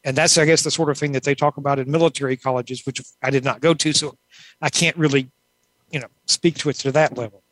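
A woman's voice: rumbling low, fairly even intonation, fast, no echo, rough recording. A woman author answering interview questions in a thoughtful, rambling way, with many asides. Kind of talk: casual conversational interview.

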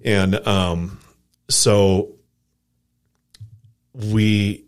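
A man's voice: on the low side, level tone, extremely slow. A man in his forties from Colorado, co-hosting a podcast and telling a long, rambling anecdote full of "like" and acted-out quotes. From Colorado, USA. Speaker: podcast co-host. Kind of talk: casual storytelling chat.

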